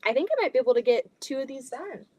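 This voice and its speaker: A young woman talks through a live sewing session in her basement. Her voice sits a little high. She chats freely and giggles, with plenty of fillers, as she reads the chat. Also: very animated, fast talker, a little hiss or hum, poor audio. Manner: chatty, giggly, lots of fillers. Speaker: quilting livestream host.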